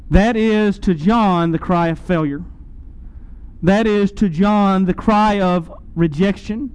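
A man preaching a sermon, retelling a scene dramatically to his listeners and swinging between loud and soft. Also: high-pitched, takes it slowly, clean tone, poor audio.

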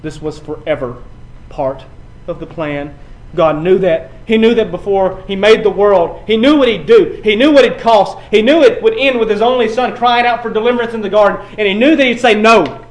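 A man preaching a sermon, building from quiet passages to loud, emphatic runs and often repeating his words. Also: high voice, normal speed, hardly any pauses, poor audio. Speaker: pastor.

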